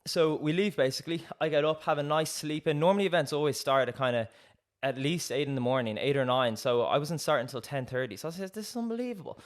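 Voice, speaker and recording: A man's voice: fairly high pitch, quick pace, few pauses. A young man, a podcast co-host telling a story in casual chat, acting out quoted dialogue with frequent laughs. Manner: lively, acts out quoted dialogue, laughs often.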